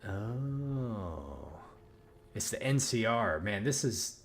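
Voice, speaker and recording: A man casually commenting on his own gameplay as a let's play host, rambling and swearing with excited outbursts. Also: lowish voice, drawn-out words, a little hiss or hum.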